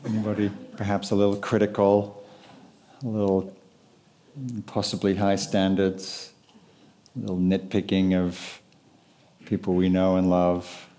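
A man teaching meditation in a live talk, speaking in an unhurried, conversational way and often asking the audience questions. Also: low-pitched, mellow.

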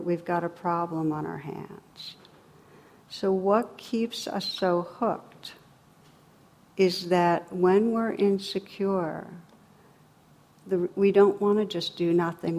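A woman with a slightly low voice speaks like a meditation teacher addressing a group. She talks conversationally and unhurriedly. Her humor is dry and sarcastic, and she laughs easily. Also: a little mellow. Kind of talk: reflective talk on meditation.

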